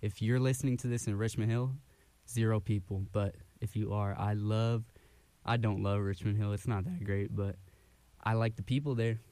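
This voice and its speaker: A man's voice: on the low side, fairly even intonation, normal speed, mellow, smooth, dry recording. A young man hosting a college radio show, out of breath and rambling in self-deprecating rants. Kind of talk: casual radio chat. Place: radio studio. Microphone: studio microphone.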